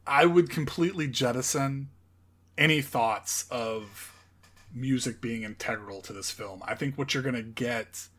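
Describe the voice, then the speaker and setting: A man's voice: mid-range voice, a little slow, fairly bright tone. A man co-hosting a film podcast, talking loosely and often laughing as he searches for names. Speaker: podcast co-host. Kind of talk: casual film chat.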